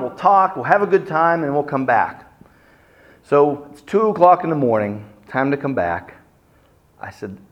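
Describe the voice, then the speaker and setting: A middle-aged man preaching a sermon, telling stories dramatically and acting out the quotes with big swings in loudness. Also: a little high, lively intonation, normal speed. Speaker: pastor.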